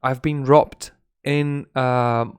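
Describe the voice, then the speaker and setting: A man's voice: mid-range voice, fairly even intonation, drawn-out words, clean tone, no room sound, clean studio sound. A man from Spain with a Spanish accent whose first language is Spanish. He teaches an English lesson in a chatty, gossipy way, swears, and mixes in Spanish. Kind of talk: casual live-stream English lesson.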